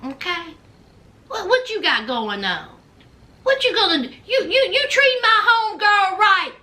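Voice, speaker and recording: A woman's voice: very high-pitched, sing-song, a little slow, bright, forceful tone, heavily acted. A woman voicing a tough, protective woman friend who talks bluntly and confronts people. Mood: confronting. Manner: confrontational, blunt, street talk.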